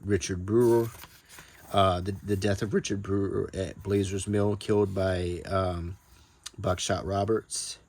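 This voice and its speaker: A man casually talking through his book collection in a soft, meandering way, full of ums and restarts, sometimes reading old newspaper text aloud. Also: sits low, little pitch movement, a little slow, a little hiss or hum. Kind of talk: casual, unscripted talk about his books.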